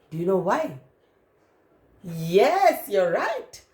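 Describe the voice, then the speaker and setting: A woman reads a children's story aloud at an unhurried pace, stopping often to ask her young listeners questions. Her voice sits at a middle pitch, and the recording has a roomy echo around it. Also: animated, a little mellow. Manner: interactive, asks listeners questions.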